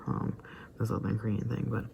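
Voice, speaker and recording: A man's voice: on the low side, level tone, a little fast, vocal fry, lo-fi sound, a little hiss or hum. A man giving casual, rambling commentary on a video he watched, with lots of fillers and asides that drop almost to a whisper. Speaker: vlogger reacting to a video.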